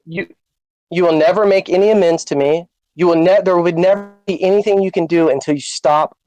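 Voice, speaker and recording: A woman's voice: lowish voice, fairly even intonation, fairly quick, mellow, no room sound, dull audio. A woman in a heated voice-chat argument, furious and berating, cursing often. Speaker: Discord server member.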